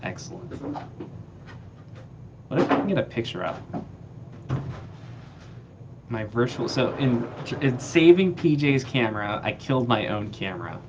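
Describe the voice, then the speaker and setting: Off camera and remote, a male stream host banters playfully and pokes fun at himself in a mid-range voice. He is very animated yet unhurried, pausing often, and the lo-fi audio sounds dull with clearly audible background noise.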